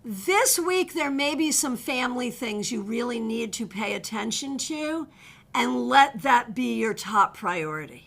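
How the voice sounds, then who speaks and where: Bright, high-voiced woman reading tarot. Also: animated, a little slow, gravelly. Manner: chatty, direct, greets viewers by name. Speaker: tarot reader. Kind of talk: live-stream card readings.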